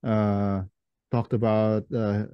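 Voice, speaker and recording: A man's voice: on the low side, flat delivery, clear, resonant tone, dry recording, highs cut off. A man leading a casual panel podcast discussion, stammering and restarting his sentences. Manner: stammers and restarts, drawn-out phrasing.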